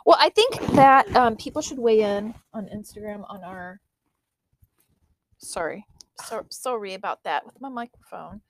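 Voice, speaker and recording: A woman's voice: medium pitch, lively intonation, a little slow, slight background noise. A woman co-hosting a casual chat show, bantering and giggling with her co-host. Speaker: podcast co-host.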